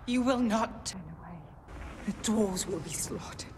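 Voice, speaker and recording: A woman's voice: medium pitch, a crowd in the background, close to an everyday voice. Defiant young elf warrior woman , an actress playing her. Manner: urgent, reproachful, slow. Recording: film audio played from a distance, with score.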